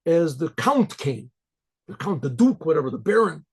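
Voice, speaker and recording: A man voicing a gang of brash young male hoodlums in a told folk story, loud and pushy. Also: a little high, very animated, moderate pace, slightly rough, heavily acted. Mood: excited.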